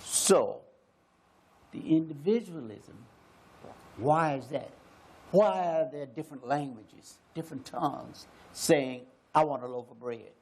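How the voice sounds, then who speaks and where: An American man on an arts panel, talking in a slow and musing way, repeating phrases and pausing often. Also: medium pitch, vocal fry, darkish tone, breathy edge. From United States. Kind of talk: slow reflective panel talk.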